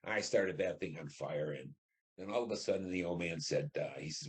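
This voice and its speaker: Deep-voiced older man, war stories. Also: brisk. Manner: plain storytelling, acts out dialogue. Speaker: Vietnam War veteran interviewee. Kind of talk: oral history interview.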